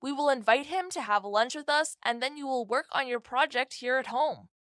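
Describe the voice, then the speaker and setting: A woman voicing a calm, gentle father who gives measured advice in an animated story. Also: sits high, no room sound, clean studio sound. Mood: advising.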